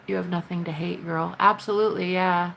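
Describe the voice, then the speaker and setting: A woman talks casually to her live-stream viewers in a low voice with plenty of vocal fry. She is blunt and swears freely, and her voice leaps high whenever she greets someone. A faint noise runs under the recording. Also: fairly even intonation, brisk, a bit bright. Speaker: livestreamer.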